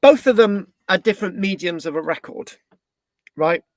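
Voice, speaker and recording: A man's voice: high voice, animated, moderate pace, no echo. Rambling British male history presenter. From Britain. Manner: rambling, with frequent restarts and tag questions. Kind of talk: live online history talk.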